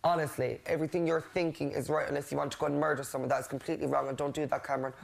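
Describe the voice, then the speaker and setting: A man's voice: on the high side, fairly even intonation, rapid-fire, vocal fry, a little hiss or hum. A man housemate in a casual heart-to-heart, blunt and reassuring, swearing freely. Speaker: reality show housemate.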